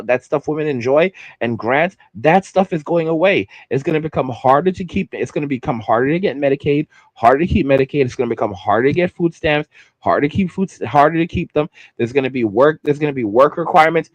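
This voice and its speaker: A man's voice: on the high side, no echo. Man ranting on a livestream, dry close sound. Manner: heated, repetitive, stumbling over words. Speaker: livestream host.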